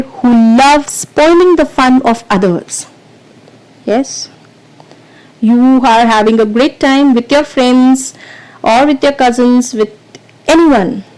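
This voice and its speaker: A woman's voice: sits high, a little mellow, clean tone, low-quality recording. A woman teaching vocabulary as a quiz, explaining patiently and counting down before each answer. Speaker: English teacher.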